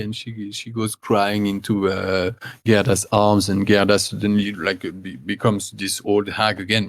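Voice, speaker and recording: A man narrating a tabletop game as game master, halting and full of fillers and restarts. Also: on the low side, flat delivery, no echo.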